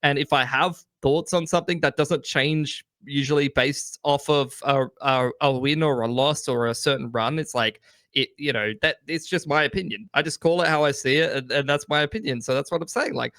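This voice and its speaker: A man's voice: fairly high pitch, moderate pace, fairly bright tone, dry recording, clean studio sound. A young man co-hosting a casual podcast, laid-back and thinking aloud. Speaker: podcast co-host.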